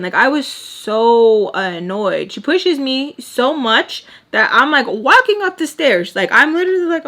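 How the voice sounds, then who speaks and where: A young woman telling a personal story in a casual storytime vlog, animated and exasperated, saying "like" constantly. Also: fairly high pitch, moderate pace, few pauses. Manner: animated and exasperated, heavy use of "like". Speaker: storytime vlogger.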